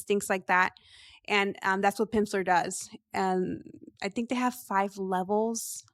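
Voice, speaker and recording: A woman's voice: mid-range voice, steady tone, slow pace, no echo. A woman in her thirties hosting a podcast in a casual, rambling way, laughing often. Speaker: podcast host.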